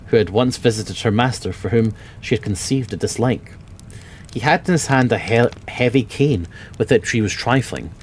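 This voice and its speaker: Scottish man reading a dark classic aloud. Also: medium pitch, a little hiss or hum. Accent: Scottish, Edinburgh. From Scotland. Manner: dramatic storytelling with occasional slips and self-corrections. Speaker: narrator, audiobook reader.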